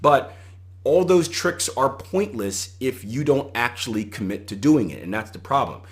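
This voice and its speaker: A man's voice: mid-range voice, expressive, moderate pace. A middle-aged man hosting a solo podcast, giving conversational coaching advice and retelling anecdotes with animation. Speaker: podcast host and trading coach.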